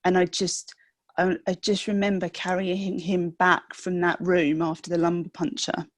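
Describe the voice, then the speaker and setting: Gravelly-voiced woman telling her story. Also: on the low side, no echo. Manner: halting, emotional, with many restarts. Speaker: podcast guest, mother of a sick child. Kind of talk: personal storytelling in a podcast interview.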